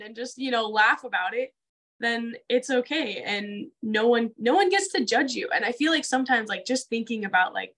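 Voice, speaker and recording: A woman's voice: on the high side, moderate pace, sharp tone, low-quality recording. A woman co-hosting a casual conversation, talking earnestly with lots of "like" fillers. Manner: earnest, filler-heavy with frequent "like". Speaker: co-host.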